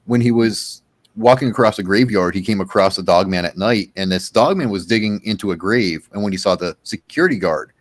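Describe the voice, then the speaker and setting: A man's voice: fairly low pitch, fairly quick, no room sound. A man co-hosting a casual podcast, retelling stories with dry humor.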